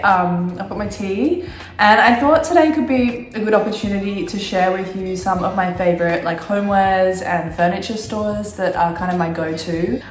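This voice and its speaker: A woman from Australia, croaky from a cold, chatting casually to camera as a vlogger with lots of fillers. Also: on the low side, echoey room. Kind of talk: casual chat.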